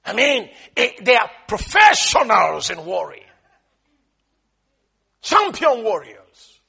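A male preacher delivers an emphatic sermon, drawing responses from his listeners as he reads scripture. His voice is very high, husky and bright, swinging widely in pitch. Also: wildly swooping pitch, takes it slowly.

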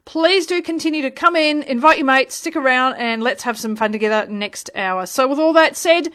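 A woman's voice: high-pitched, normal speed, fairly bright tone. A woman radio DJ talking between songs, chatty and upbeat, addressing her listeners directly.

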